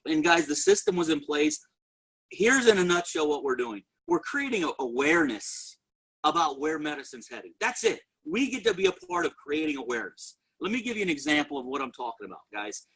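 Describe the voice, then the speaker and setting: A man giving an energetic motivational sales testimony and talking straight to his audience as a network marketing presenter. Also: fairly high pitch, brisk, gravelly, husky, poor audio.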